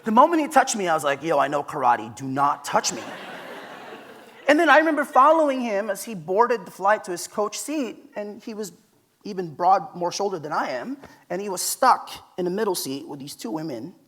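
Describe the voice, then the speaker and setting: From a conference stage, a man delivers a keynote, telling personal stories in a conversational, emphatic style. His voice is high and a bit bright, and he speaks in an animated, brisk way.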